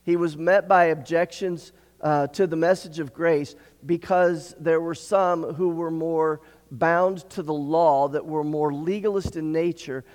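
A man preaching a sermon as pastor, earnest, often repeating words and clearing his throat. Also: fairly high pitch, fairly even intonation, measured pace, hardly any pauses, darkish tone. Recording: long hall reverb.

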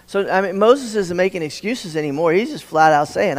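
A man's voice: a little high, lively intonation, measured pace. A man preaching a sermon, often stammering and repeating words as he acts out the dialogue he quotes. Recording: long hall reverb.

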